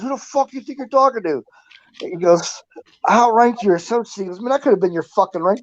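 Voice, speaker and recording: A woman's voice: mid-range voice, a little mellow, dry recording. A woman and army veteran, telling crude barracks stories in casual chat, full of swearing and laughter. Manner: profane, laughing storyteller. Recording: muffled lo-fi audio.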